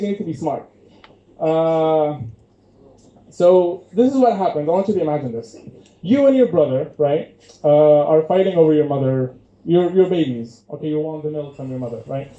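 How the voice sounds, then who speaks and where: A man's voice: on the high side, warm tone, lo-fi sound. A young man from Syria performing a stand-up comedy set, chatty and loose, with lots of fillers. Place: comedy club stage. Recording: echoey room, poor audio.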